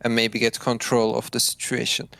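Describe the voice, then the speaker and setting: A man playing a tabletop game, hesitant and halting, stopping to restart his sentences. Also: mid-range voice, monotone, creaky, fairly bright tone, dry recording. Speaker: player.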